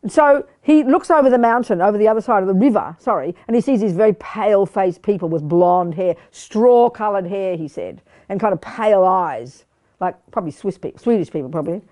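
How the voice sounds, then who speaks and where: An older woman giving a lively Buddhist teaching to a live group, quizzing her listeners and talking bluntly and playfully. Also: mid-range voice, brisk. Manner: animated, questioning the audience, blunt and playful. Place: meditation study group hall.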